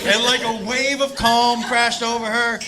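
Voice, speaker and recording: A man doing stand-up comedy on a club stage, telling a wild story loudly and laughing through his punchlines. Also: very high-pitched, steady tone, a little slow. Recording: live club set with audience laughter. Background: crowd laughter and room noise.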